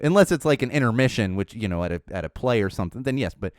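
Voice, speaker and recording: Male podcast host, casual rambling storyteller, smooth clear tone, dead-dry recording. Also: mid-range voice, expressive, fast, darkish tone, dry recording. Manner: rambling, with many fillers and restarts.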